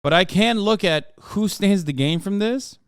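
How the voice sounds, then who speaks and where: A male livestreamer gives casual political commentary to his chat, blunt, argumentative, and swearing freely as he answers. His slightly high voice is smooth, resonant, and expressive, and he speaks a little slowly. The sound is close and dry, with no room sound.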